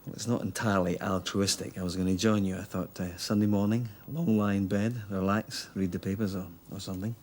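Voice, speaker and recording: An actor playing a caring husband in a TV soap, talking in a soothing, coaxing way. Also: male voice, low-pitched, fairly even intonation, a little fast, few pauses, darkish tone, a little hiss or hum. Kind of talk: TV soap drama.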